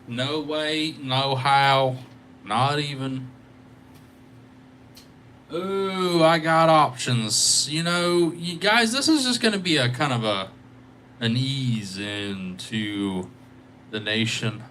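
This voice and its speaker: A man's voice: mid-range voice, lively intonation, takes it slowly, pauses often, bright, forceful tone, a little hiss or hum. A tired man rambling and joking with his viewers as he hosts a casual live guitar stream on a microphone. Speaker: livestreaming guitarist.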